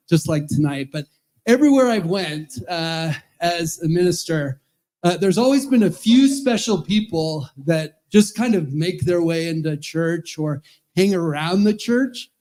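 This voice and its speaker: A man's voice: high voice, warm tone. A man in his fifties, an Episcopal priest, telling rambling, chuckling stories in a roast speech at a charity event. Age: 50s.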